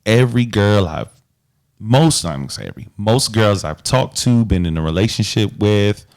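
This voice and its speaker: A man's voice: lowish voice, lively intonation, moderate pace, darkish tone. A man co-hosting a podcast, talking in an earnest, reflective way with loose casual slang. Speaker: podcast co-host. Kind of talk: casual relationship chat.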